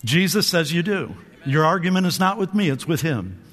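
Male pastor, high voice, energetic sermon, call-and-response, repeats words, long hall echo. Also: normal speed. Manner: repeats words and restarts often. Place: church sanctuary.

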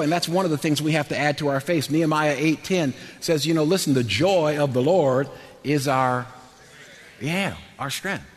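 An older man preaching a sermon, animated and laughing, swinging between loud and quiet. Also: on the high side. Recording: long hall reverb.

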